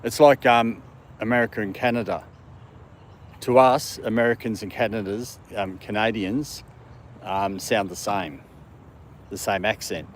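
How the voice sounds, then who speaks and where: A man's voice: lowish voice, fairly even intonation, unhurried, pauses often, slight background noise. An Australian man hosting a casual livestream from a dog park, answering viewer comments and talking to his dog. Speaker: livestream host.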